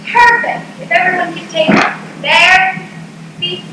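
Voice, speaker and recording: A woman's voice: very high voice, slow. A woman hosting and narrating a live stage parody, playful and theatrical. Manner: playful, self-promoting, theatrical. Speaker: host and narrator. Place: convention room, stage. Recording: echoey hall, far from mic, loud noise.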